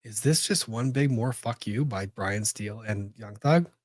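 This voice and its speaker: A man's voice: lowish voice, measured pace, dry recording, clean studio sound. A man hosting a live legal commentary show, thinking aloud, exclaiming and swearing as he reacts.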